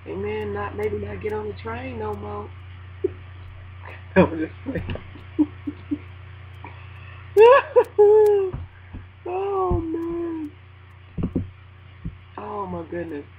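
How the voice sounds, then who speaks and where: A woman hosting a casual gospel internet radio show, animated and joking, laughing often between lines. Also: medium pitch. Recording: dull lo-fi home recording with faint noise.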